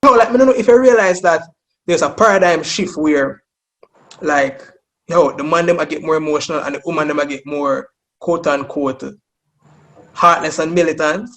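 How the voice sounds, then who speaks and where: A young Jamaican man co-hosting a podcast, talking in an animated, casual way. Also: a little high, moderate pace. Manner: animated, sings snatches of songs to make points. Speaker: podcast co-host. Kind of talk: casual debate chat.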